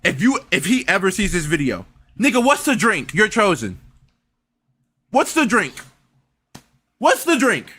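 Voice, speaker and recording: A man rants through a reaction commentary in a high, bright voice that jumps all over the place. He sounds exasperated and rambles, stumbling and repeating words as he goes. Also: huge pitch swings, unhurried, pauses often, breathy edge. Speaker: reaction streamer.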